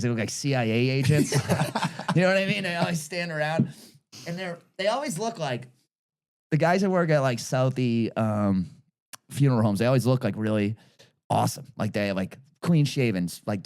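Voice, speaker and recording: A man's voice: medium pitch, darkish tone. A man, a comedian guest telling a rambling story on a casual podcast, full of restarts and fillers. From Boston area.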